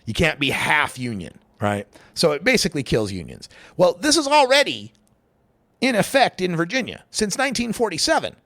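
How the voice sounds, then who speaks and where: A man's voice: high-pitched, wildly swooping pitch, normal speed, a bit bright, dry recording. A middle-aged man from Idaho, hosting a talk radio show and giving emphatic, opinionated political commentary with sarcastic asides.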